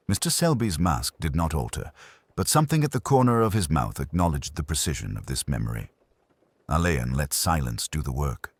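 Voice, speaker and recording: Man, audiobook mystery narrator, deep voice, dry close sound. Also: husky, no room sound. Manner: measured, expressive storytelling.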